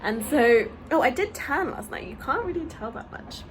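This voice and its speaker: A young woman with a British accent chats into her phone camera and wanders from story to story, her pitch swinging up and down. Her voice sits a little high, with faint noise underneath. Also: very animated, moderate pace. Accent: British English. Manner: chatty, rambling storyteller with frequent fillers. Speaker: vlogger. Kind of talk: casual chat vlog. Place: home, on a balcony.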